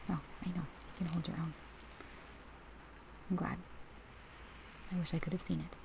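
Whispered role-play: woman playing a protective best friend, warm fry-edged voice, faint hiss. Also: fairly low pitch, little pitch movement, moderate pace. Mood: gentle, comforting. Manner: heated then tender, talks straight to the listener. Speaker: ASMR role-play performer.

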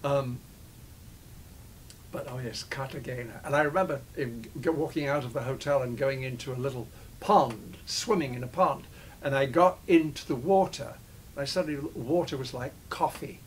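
A man's voice: medium pitch, slight background noise. An older man, an actor, recalling old shoots in a digressive interview, often breaking off and restarting his sentences. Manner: digressive storyteller, halting restarts. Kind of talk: reminiscing interview.

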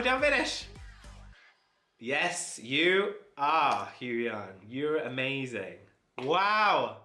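A man excitedly reacting to a dance video, gushing with frequent oohs and exclamations. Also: a little high. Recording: echoey room with music underneath. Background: music playing.

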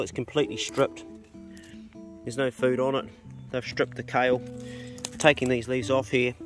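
A middle-aged man hosting a casual vlog outdoors on his farm, talking bluntly and swearing easily. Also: medium pitch. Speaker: farm owner and channel host. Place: outdoors on a rural farm property.

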